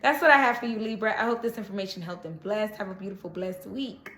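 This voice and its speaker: A woman's voice: medium pitch, quick pace, a bit bright. A woman giving a casual tarot reading to camera, chatty and reassuring, often checking in with "okay?". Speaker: tarot reader. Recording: echoey room.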